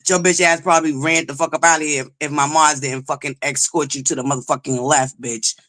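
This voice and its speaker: A woman hosting a livestream, loud and belligerent, who swears nonstop while greeting viewers and pushing for likes. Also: deep voice, fairly even intonation, fairly quick. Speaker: livestream host. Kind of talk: profane live-chat commentary.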